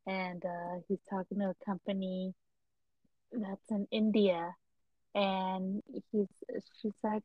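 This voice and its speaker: A woman's voice: mid-range voice, flat delivery, slow, no room sound, narrow, tinny audio. A woman co-hosting a podcast in casual chat, chatty, laughing often and acting out the voices of people she quotes. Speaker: podcast co-host.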